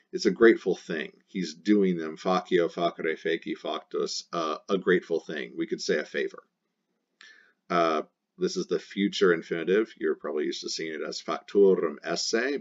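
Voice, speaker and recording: A man's voice: deep voice, highs cut off. A man teaching a Latin lesson, explaining step by step with frequent hesitations and sudden bursts of emphasis.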